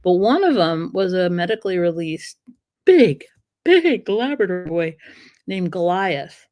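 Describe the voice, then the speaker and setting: A woman guest in a casual interview, a lively storyteller who often acts out what dogs would say. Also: on the low side, unhurried, dry recording. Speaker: guest, dog breeder and trainer.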